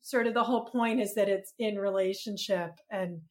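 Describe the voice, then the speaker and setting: A woman's voice: mid-range voice, fairly even intonation, moderate pace, a little mellow. A woman guest on a podcast, talking in a thoughtful, searching way with frequent restarts. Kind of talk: podcast conversation.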